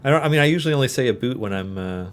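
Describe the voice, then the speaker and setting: A man's voice: medium pitch, lively intonation, very fast, a little hiss or hum. A man with a Canadian accent hosting a casual livestream, reading and answering chat questions with many fillers and restarts. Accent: Canadian English.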